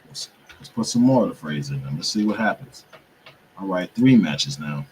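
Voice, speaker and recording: A man's voice: low-pitched, expressive, moderate pace, slight background noise, poor audio. A young man hosting a show, talking casually to viewers while he struggles with his computer, muttering and swearing to himself in frustration. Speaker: podcast host.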